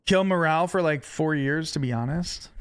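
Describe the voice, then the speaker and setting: A young New man chats with his stream audience while he plays. His voice sits a little high, and his storytelling runs loose and profane. It climbs in energy whenever he acts out an argument. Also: normal speed, clean tone. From New York. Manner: animated, profane, gets loud when retelling confrontations. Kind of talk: casual storytelling to live chat.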